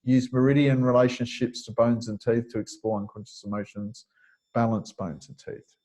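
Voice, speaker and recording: A man's voice: mid-range voice, fairly even intonation, normal speed, warm tone, poor audio. Man lecturing on a webinar call. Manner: thinking aloud with fillers, explanatory. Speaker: kinesiology teacher.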